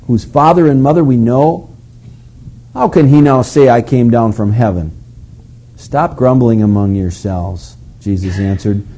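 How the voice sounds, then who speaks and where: A male preacher reading scripture aloud and breaking off for quiet, earnest asides to his listeners. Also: mid-range voice, husky. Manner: reads verses aloud then drops to quiet asides to listeners. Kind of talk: sermon reading and explaining scripture.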